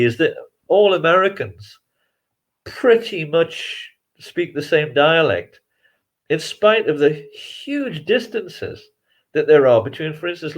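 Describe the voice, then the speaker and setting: Chuckling man, thinking aloud. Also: on the high side. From England. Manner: reflective, rambling, chuckles often, many restarts. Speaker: documentary filmmaker guest. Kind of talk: conversational interview answers.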